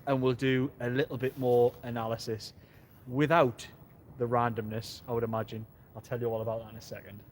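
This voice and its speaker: Chatty man live from pitchside. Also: level tone, a little fast, a little hiss or hum. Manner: chatty, jokey, rambling. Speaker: host of a football fan channel. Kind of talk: casual live-stream chat. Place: outdoors, pitchside at a football stadium.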